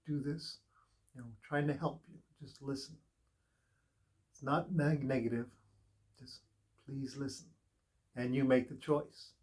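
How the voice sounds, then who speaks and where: A man giving a casual spiritual tarot reading, talking slowly with many pauses and fillers. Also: medium pitch, steady tone, a little mellow. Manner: slow, unhurried, with pauses and fillers. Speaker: tarot reader.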